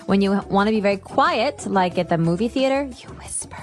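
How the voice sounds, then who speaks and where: A woman co-hosting an English-learning podcast, giving clear, deliberate explanations and acting out examples. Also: mid-range voice, animated, faint music behind. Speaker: English teacher podcast host. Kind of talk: casual educational chat.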